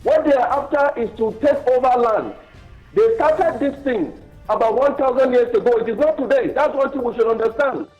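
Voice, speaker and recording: A man's voice: very high voice, normal speed. A Nigerian man speaking as a guest on a news talk show, emphatic and insistent. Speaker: guest on phone line. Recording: muffled phone line with music.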